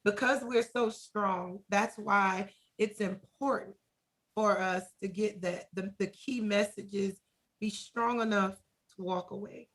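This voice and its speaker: A woman's voice: medium pitch, steady tone, slow pace, a bit bright. Encouraging woman hosting a talk show. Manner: encouraging, emphatic.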